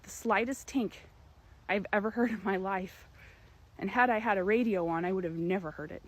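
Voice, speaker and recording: A woman's voice: medium pitch, normal speed, rough recording. Young woman telling a true story. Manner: earnest, emphatic storytelling. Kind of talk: personal story told to camera.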